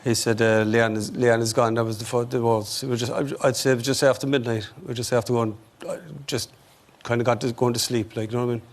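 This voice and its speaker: Irish man on a TV talk show couch, level, flat voice, stumbling through with fillers. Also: mid-range voice, fast talker, hardly any pauses. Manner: hesitant, many fillers and "you know what I mean". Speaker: bereaved father, guest. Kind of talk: emotional interview recollection. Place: TV studio.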